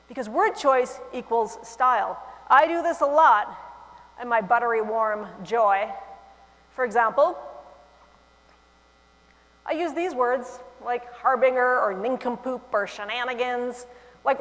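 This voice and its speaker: A woman giving a conference keynote on stage, lively and humorous, with animated asides. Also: on the high side. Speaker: keynote speaker. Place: large conference hall, on stage. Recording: long hall reverb.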